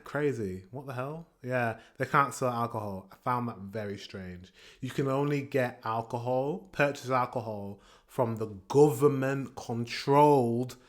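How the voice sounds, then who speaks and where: A British man from England hosting a reaction video, chatting casually and ranting with animated outbursts. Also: medium pitch. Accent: British English. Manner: animated, ranting, pauses to comment.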